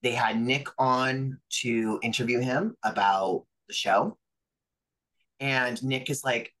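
A man's voice: mid-range voice, fairly bright tone, rough recording. A man, a pro wrestler guest, telling stories from his career in a chatty way, full of fillers and acted-out quotes. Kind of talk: casual storytelling interview.

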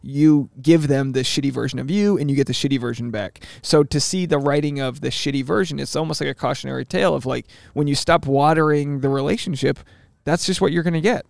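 A man's voice: a little high, vocal fry, dry recording, studio quality. A man in his thirties hosting a casual podcast chat, joking around and laughing often. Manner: laughs often, quick jokey asides. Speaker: podcast host.

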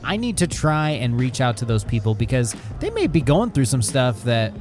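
A man co-hosting a faith podcast in a casual, animated conversational way. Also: medium pitch, moderate pace, hardly any pauses, faint music behind. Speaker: podcast co-host.

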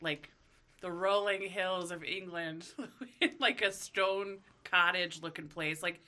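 A woman's voice: fairly low pitch, steady tone, slow, sharp tone. A woman guest on a podcast, chatting casually, joking and laughing often. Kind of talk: casual chat.

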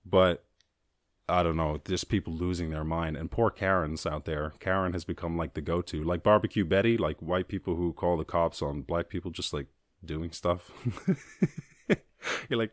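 Male solo podcast host, low voice, profane jokey riffing, dry close recording. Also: no echo. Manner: loose, profane, jokey, acts out quick voices. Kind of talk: casual comedic monologue.

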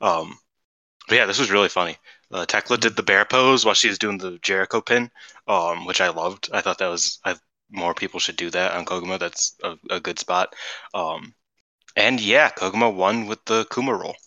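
Man, podcast co-host, very bright tense voice, rambling casual chat, dry close mic. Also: low voice, normal speed, dry recording, poor audio. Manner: rambling, many fillers, laughing.

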